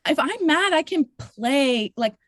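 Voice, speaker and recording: A woman's voice: high-pitched, lively intonation, a little slow, no echo. A woman coach talks as a podcast guest in a dry, close-miked sound. She is reflective and casual, sometimes tripping over her words, and swears now and then. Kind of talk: casual conversational interview.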